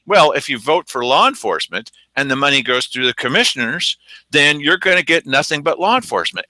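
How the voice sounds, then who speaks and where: A man's voice: on the high side, very animated, fairly quick, bright, forceful tone, no room sound, poor audio. A man hosting an opinionated news commentary, indignant and sarcastic, mocking the people he quotes. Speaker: news show host.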